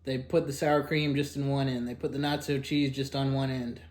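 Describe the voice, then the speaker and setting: A young man talking casually about fast food in an eating vlog. He rambles, fills pauses with "like" and "kinda", and talks while eating. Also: mid-range voice, little pitch movement. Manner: rambling, filler-heavy, drifting softer and louder. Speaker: food vlogger.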